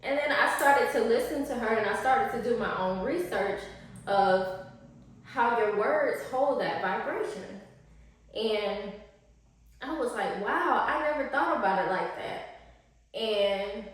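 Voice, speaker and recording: A woman's voice: mid-range voice, recorded from a distance. A woman, a spiritual life coach, talking in a casual, playful and slangy vlog style. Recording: echoey room, voice off-mic.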